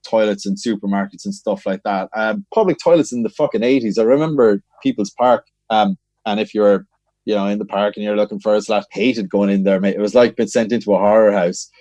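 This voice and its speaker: An Irish man, a podcast guest, chatting casually and telling animated stories with plenty of swearing. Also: lowish voice, fairly quick, dry recording. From Ireland. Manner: swears freely, animated storytelling. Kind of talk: casual chat.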